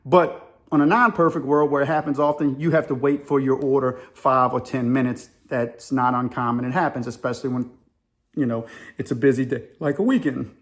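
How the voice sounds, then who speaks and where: A man's voice: mid-range voice, fairly even intonation, fairly quick. A man telling a casual, rambling story in colloquial talk. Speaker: vlogger.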